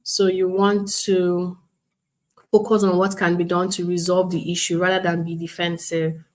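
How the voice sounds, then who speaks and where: A woman instructor teaching an online class, speaking calmly and professionally, acting out customer calls as examples. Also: fairly low pitch, moderate pace. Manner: calm, explains with role-played customer examples. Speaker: bootcamp instructor.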